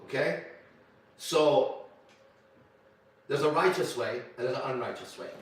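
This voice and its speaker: A man telling a story to a small group in a profane, animated way, with sudden shouts. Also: mid-range voice, unhurried, far from the mic, a little hiss or hum. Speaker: ministry leader. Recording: echoey room, voice off-mic.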